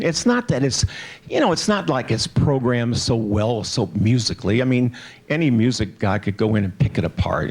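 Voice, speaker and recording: Man, 60s, gravelly, animated keynote storyteller, blunt and funny. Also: mid-range voice. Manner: candid, joking storyteller. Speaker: keynote speaker. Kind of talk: conference keynote speech.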